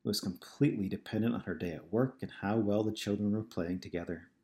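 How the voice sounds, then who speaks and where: A man reading a novel aloud in a steady, measured narration. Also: lowish voice. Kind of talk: scripted audiobook narration.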